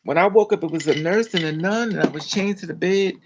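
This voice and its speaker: A woman recounting a personal story in an animated, dramatic way, full of colloquial slang. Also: on the low side, a little fast, noisy background. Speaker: storyteller vlogger.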